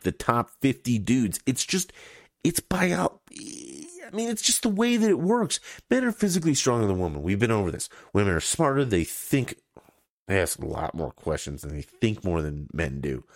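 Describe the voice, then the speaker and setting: On his solo podcast, a man rants bluntly with plenty of profanity, ridiculing opponents and cracking himself up, all very opinionated. His voice is mid-range, and the studio sound is clean with no echo.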